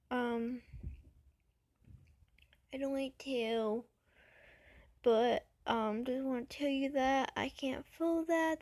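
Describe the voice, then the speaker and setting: A woman's voice: high-pitched, darkish tone. A woman vlogger with a childlike, babyish voice, talking hesitantly and defensively to camera with many fillers. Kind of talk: casual talk to camera.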